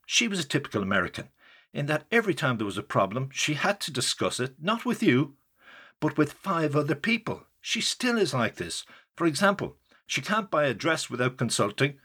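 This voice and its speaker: A fiery older actor who mocks and holds forth with a roaring, emphatic delivery, as a man puts him on. The voice sits higher than the reader's own and has a husky edge. He scoffs as he talks, tossing out lively jabs. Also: full character voice. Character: older male actor, fiery, mocking, theatrical.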